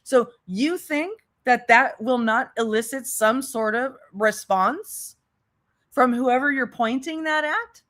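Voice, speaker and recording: A woman's voice: on the high side, slow pace, a bit bright. A woman hosting a reaction commentary, talking in a sarcastic, mocking way. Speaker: commentary channel host.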